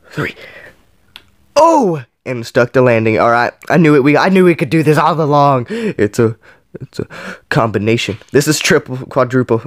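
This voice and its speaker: A man plays a phone game and counts every flip out loud, with his pitch leaping high on misses and dropping low on the counts. He talks slowly, with plenty of pauses between bursts. The sound is dry and close, with no room echo. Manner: counts flips aloud, yelps and groans at misses. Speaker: gaming channel host. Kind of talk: playing a mobile game while counting aloud.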